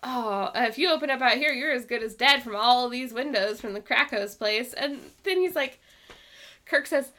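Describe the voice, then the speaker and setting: A woman's voice: a little high, normal speed. A woman co-hosting a podcast, retelling an episode in casual chat with lots of laughs. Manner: laughing, animated retelling with quoted voices. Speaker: podcast co-host.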